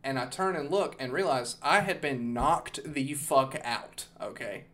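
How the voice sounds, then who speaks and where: A man's voice: medium pitch, animated, measured pace, a bit bright. A man hosting a podcast, casually telling a long story, rambling and swearing, with "okay?" and "dude" thrown in. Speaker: podcast host.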